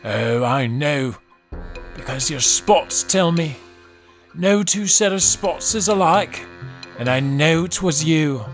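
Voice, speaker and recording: A man's voice: a little high, lively intonation, takes it slowly, faint music behind. A man voicing a male police officer who confidently accuses a suspect in a kids' podcast skit. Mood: accusing.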